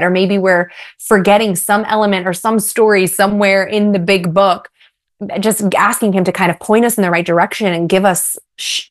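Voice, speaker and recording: A woman author guesting on a radio talk show, speaking thoughtfully in long, rambling sentences with restarts and light laughs. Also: mid-range voice. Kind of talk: casual radio interview.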